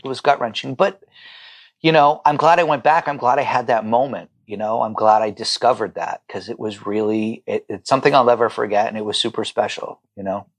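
A man's voice: fairly low pitch, fairly even intonation, a little fast. A middle-aged chef talking as a podcast guest over a remote call, heartfelt and stumbling over repeated words when he gets moved. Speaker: chef and restaurant owner, guest. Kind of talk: emotional podcast conversation.

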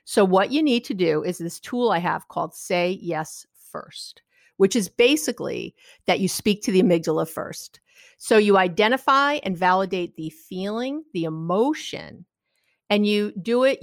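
A middle-aged woman giving advice in a lively conversational way, acting out what people say with big swings in her voice. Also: mid-range voice, measured pace, no echo, studio quality. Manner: expressive, acts out quoted voices with big swings. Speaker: guest expert.

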